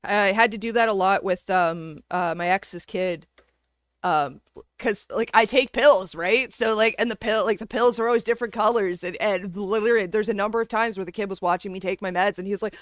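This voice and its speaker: A woman's voice: medium pitch, brisk, dry recording. Woman, casual co-host; blunt, profane, matter-of-fact, dry mic. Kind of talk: casual chat.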